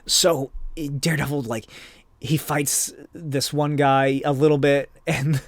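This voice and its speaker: A male podcast host telling a comic story casually, swearing freely and getting animated. His voice sits a touch high, and the sound is dry and close. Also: slow pace, no room sound. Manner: loose, profane and animated storytelling. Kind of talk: casual comic book recap.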